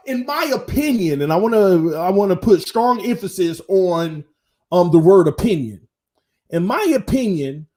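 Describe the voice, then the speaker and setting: A man hosting his own sports channel, chatting casually and slangily to viewers on a live stream. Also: high-pitched. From Florida. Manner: animated, talks straight to viewers, slangy.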